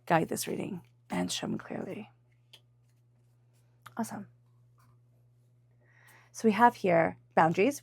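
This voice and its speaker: A woman giving a spoken tarot reading, chatty and meandering, softly repeating invocations as she draws cards. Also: mid-range voice, no room sound. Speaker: tarot reader.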